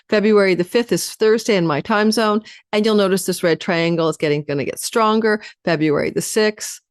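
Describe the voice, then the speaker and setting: Fast-talking woman astrologer, low dry voice. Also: no echo. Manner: addresses viewers directly. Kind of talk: weekly astrology forecast.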